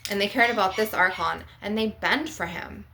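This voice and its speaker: Anxious, high-strung woman venting to camera, rambling and profane; recording has clear background noise. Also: moderate pace. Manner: anxious, rambling, swears a lot. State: anxious and stressed. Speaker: spiritual vlogger. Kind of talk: emotional venting vlog.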